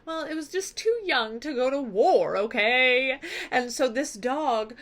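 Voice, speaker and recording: A woman teacher talks through a story for her students in a casual, expressive way. Her voice is bright and forceful and sits a little high. She swings into playful drama as she explains. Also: a little slow. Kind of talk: casual lesson recap.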